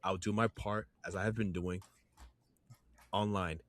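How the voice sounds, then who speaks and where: A man's voice: low voice, steady tone, unhurried. A man co-hosting a football podcast, speaking in earnest casual chat. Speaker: podcast co-host.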